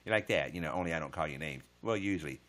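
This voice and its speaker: A man's voice: extremely low pitch, rapid-fire, a bit bright. A man chatting casually on a livestream, answering viewer comments with profane smart-aleck jokes.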